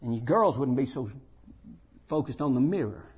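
An older man preaching a folksy sermon to young people, swinging between shouted points and hushed asides. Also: medium pitch, lively intonation, moderate pace, husky. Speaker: pastor. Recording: dull lo-fi sound.

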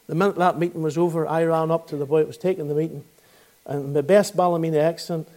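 A man's voice: a little high, steady tone, fast, warm tone. A man in his sixties with a Northern Irish accent, preaching a gospel sermon and telling his own testimony with earnest, fervent appeals.

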